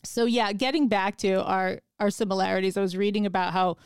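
A woman's voice: mid-range voice, fairly even intonation, fairly quick, clean tone, no echo, clean studio sound. A woman hosting a podcast in casual chat, telling stories with animation and acting out her own quotes. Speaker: podcast host.

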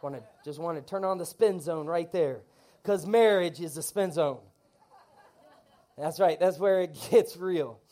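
A pastor preaches in a church with lively, animated energy. His voice sits high for a man, and he keeps pulling the congregation into call-and-response lines. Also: a little slow. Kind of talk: energetic sermon.

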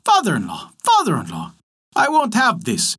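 Uomo che fa una rana pretenziosa e urlante. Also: male voice, sits high, wildly swooping pitch, moderate pace, voice pushed up, heavily acted. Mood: demanding. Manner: shouting, croaking demands. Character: demanding greedy male frog in a well. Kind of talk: storybook character voice.

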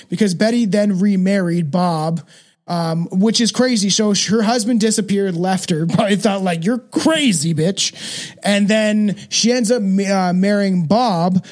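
A man's voice: sits high, darkish tone. A man hosting a podcast, rambling casually with lots of fillers and swearing. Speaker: podcast host. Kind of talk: casual chat.

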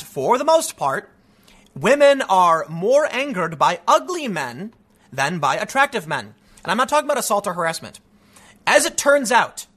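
A man's voice: high voice, sharp tone. A man hosting an opinionated solo commentary show, talking in a mocking way and often stammering repeated words. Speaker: political commentary host.

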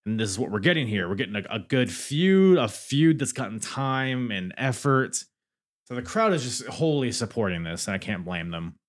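A man's voice: mid-range voice, expressive, normal speed. Male podcast host, casual rambling recap, jokey and profane. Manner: rambling, joking and profane, with many restarts.

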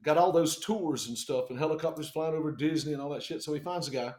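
A man in a band telling a tour story in a casual, animated, profane way, acting out the people he quotes. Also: on the high side, quick pace, roomy sound.

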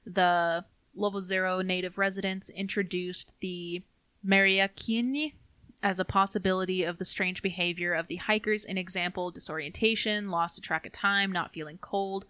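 A woman co-hosting a podcast, reading research notes in a steady, casual way and stumbling over foreign names. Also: on the low side, no room sound. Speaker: podcast co-host.

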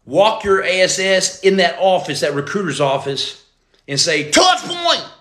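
A man's voice: fairly high pitch, moderate pace, a bit bright, roomy sound. A man hosting a motivational livestream, greeting viewers and reading their comments aloud. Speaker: podcast host, former Navy SEAL.

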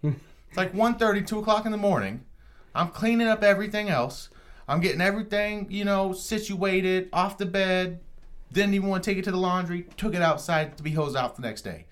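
A man's voice: high-pitched, a little fast. A young adult man telling a story in casual podcast chat, rambling, profane and self-mocking. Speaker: podcast co-host.

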